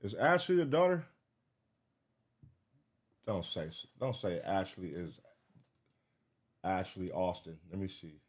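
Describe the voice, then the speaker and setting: A man giving live reaction commentary, excitable, swearing and thinking aloud as he searches. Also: low-pitched, takes it slowly, pauses often. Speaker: reaction streamer.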